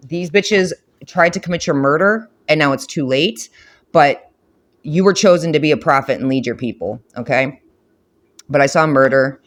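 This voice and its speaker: Guy doing a tarot reading, kinda high voice, cusses a lot, says stuff twice, very emphatic. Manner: blunt, profane, emphatic, repeats himself. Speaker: tarot reader. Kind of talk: spiritual reading to camera.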